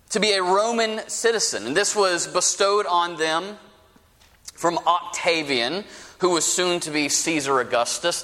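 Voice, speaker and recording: A man preaching a sermon as pastor, with a lively storytelling manner and folksy asides. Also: a little high. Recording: preached in a reverberant hall.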